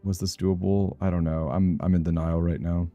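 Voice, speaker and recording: A man's voice: deep voice, little pitch movement, moderate pace, mellow, lo-fi sound, faint music behind. A man playing a video game and thinking aloud, anxious and muttering to himself as he plans his moves. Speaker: gaming streamer. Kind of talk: let's play commentary.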